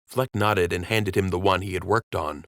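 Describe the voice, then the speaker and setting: A man reading an audiobook as narrator in measured, even storytelling. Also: sits low, dry recording, clean studio sound. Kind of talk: scripted narration.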